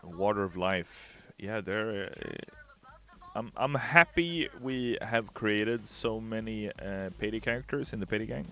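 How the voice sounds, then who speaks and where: A man's voice: on the low side, animated, measured pace, fairly bright tone. A man, a game developer on a livestream, chatting casually, joking and reading out chat comments. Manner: chatty, jokey, reads chat aloud.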